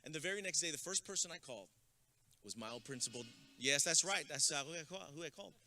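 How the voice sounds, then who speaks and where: Man, keynote speaker, animated storytelling, high voice, very bright and forceful tone. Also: fast, slight background noise. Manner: animated, comic storyteller building to a rousing close. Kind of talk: motivational storytelling speech. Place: school graduation ceremony.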